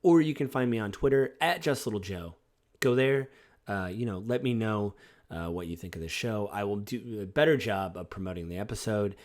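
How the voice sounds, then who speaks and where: A man's voice: lowish voice, moderate pace. A man in his forties hosting a personal podcast, talking in a reflective, rambling way with many fillers. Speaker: podcast host.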